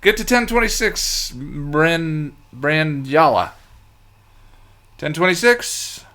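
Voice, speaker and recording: A young man casually hosting a movie stream, tossing out dry jokes and checking in with viewers. His mid-range voice moves around with lively intonation. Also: a little high, slow. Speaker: streamer and co-host. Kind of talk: casual chat over a movie.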